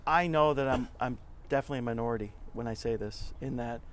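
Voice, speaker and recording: A man's voice: medium pitch, fast talker. Chatty middle-aged man telling stories. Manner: chatty, animated storyteller who acts out quotes. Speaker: interview guest, nonprofit club leader. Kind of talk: casual storytelling interview.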